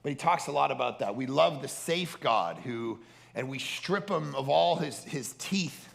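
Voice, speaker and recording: Gravelly-voiced man preaching animatedly. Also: mid-range voice, a little slow. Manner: animated storytelling, acts out quoted people. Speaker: pastor. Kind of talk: sermon. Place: family camp meeting.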